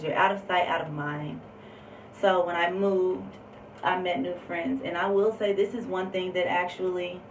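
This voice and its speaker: A woman telling a personal story on a vlog, candid and emphatic, with lots of fillers. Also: on the low side. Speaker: vlogger. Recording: roomy echo, distant mic, faint background noise.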